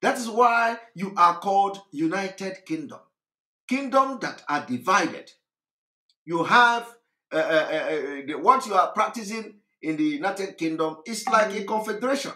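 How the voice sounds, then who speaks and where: A high-pitched, expressive man with a sharp tone speaks a little slowly in an echoing room. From southeastern Nigeria and carrying a Nigerian accent, this political activist broadcaster rails through an impassioned, mocking, fiery political monologue, laughing as he moves between points.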